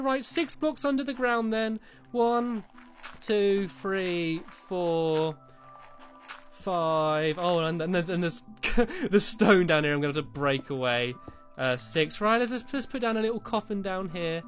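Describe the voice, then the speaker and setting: A let's-play creator giving casual, chatty commentary while building in a game, playful and teasing, often breaking into excited squeals. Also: mid-range voice, a little slow, faint music behind.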